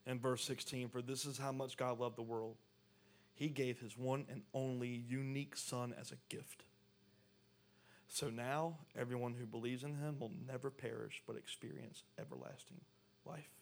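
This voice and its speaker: A man's voice: medium pitch, normal speed, gravelly. A man preaching a sermon, reading scripture aloud and then pressing his point with rising intensity. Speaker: pastor.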